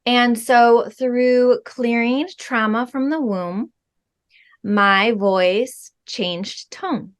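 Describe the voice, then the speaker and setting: A middle-aged woman guest talks as a spiritual healing guide, her voice a little on the high side. She speaks slowly and earnestly, pausing often. Her sentences are measured and sprinkled with soft fillers. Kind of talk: interview answer, spiritual teaching.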